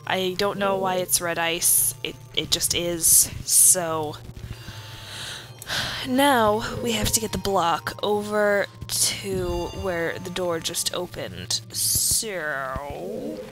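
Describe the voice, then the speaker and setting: Young female let's-player, drowsy and halting, game music behind. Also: on the low side. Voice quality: drowsy, halting with many fillers. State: sleepy, yawning. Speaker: let's play commentator. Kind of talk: casual gameplay commentary.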